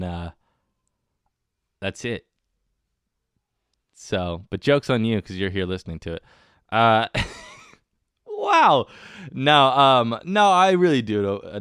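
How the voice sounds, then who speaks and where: Male podcast host, solo casual chat, wired and self-mocking; smooth voice, dry close sound. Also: sits low, dry recording. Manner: rambling, self-mocking and jokey. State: wired on coffee.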